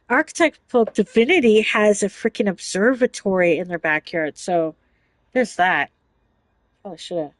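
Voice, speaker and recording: A woman's voice: medium pitch, moderate pace, no echo, rough recording. A woman hosting a casual livestream chat, talking chattily, giggling often and reading chat messages aloud. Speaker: livestream host.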